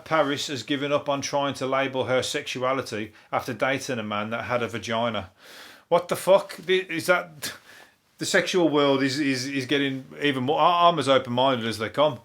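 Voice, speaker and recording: A man's voice: mid-range voice, fairly bright tone. A man hosting a comedy podcast, rambling through the day's news with plenty of swearing and laughing at his own jokes. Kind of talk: casual comedic news chat.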